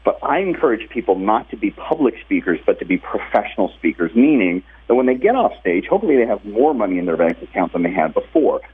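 A talkative man is being interviewed over a tinny phone line. His voice is husky and rough, and sits fairly low. He explains his ideas energetically and restarts sentences as he goes. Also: very animated, fast talker, few pauses. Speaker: guest, professional speaker and author.

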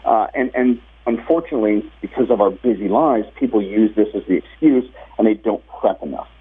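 A talkative man is being interviewed over a tinny phone line. His voice is husky and rough, and sits fairly low. He explains his ideas energetically and restarts sentences as he goes. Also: fairly quick. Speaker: guest, professional speaker and author.

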